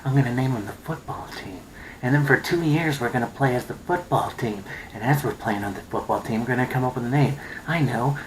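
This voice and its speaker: A man's voice: medium pitch, fairly quick, a little hiss or hum, lightly acted, rough recording. A man putting on the voice of a smug, scheming male team owner, sneering and self-satisfied.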